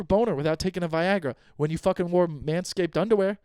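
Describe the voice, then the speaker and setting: A man's voice: sits high, fast, a little mellow, clean tone, dry recording, studio quality. A young man hosting a podcast, riffing through an improvised ad read in a rambling, profane, jokey way. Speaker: podcast host reading an ad. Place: non-studio room.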